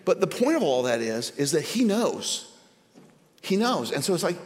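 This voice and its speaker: Animated pastor preaching in a reverberant hall. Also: male voice, normal speed. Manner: animated, voice jumps high for emphasis; repeats words when starting sentences. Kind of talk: sermon.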